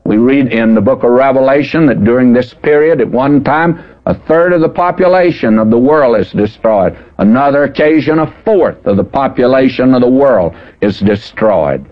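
An older man preaching a folksy, emphatic radio Bible teaching, slowing down to stress the scripture he quotes. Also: medium pitch, animated. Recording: dull old radio broadcast.

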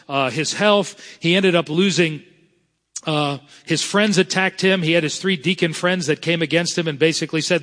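A man from South Florida preaches to his congregation with a slightly high voice. He talks earnestly and slows down to stress the scripture he reads. His words ring out with a long reverb through a large church sanctuary. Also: fairly bright tone. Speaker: pastor. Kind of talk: sermon.

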